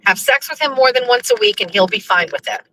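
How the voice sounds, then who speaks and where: Excitable woman in her fifties, bright voice. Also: medium pitch, fast, a little hiss or hum, rough recording. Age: 50s. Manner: excitable, swears freely, laughs often. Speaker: vlogger. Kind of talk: casual chat. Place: riding in a vehicle.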